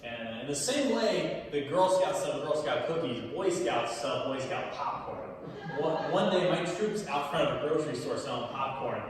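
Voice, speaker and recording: A young man performing a stand-up comedy set in a small theater, telling animated stories to a laughing audience. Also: a little high, normal speed. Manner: animated storytelling, punchlines with crowd laughter. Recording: echoey hall from far off.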